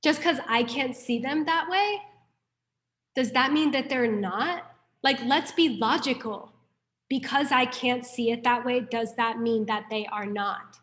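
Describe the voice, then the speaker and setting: Speaking at a measured pace in a voice on the high side, this young New Yorker runs a Buddhist class conversationally. She tells stories with real animation and leans heavily on the word "like."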